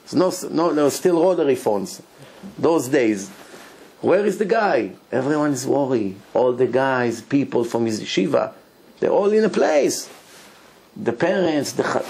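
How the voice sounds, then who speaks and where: Animated rabbi telling stories. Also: male voice, a little high, vocal fry, a little hiss or hum. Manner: animated storyteller, acts out dialogue, laughs often. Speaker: rabbi teaching a Torah class. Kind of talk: storytelling Torah lesson.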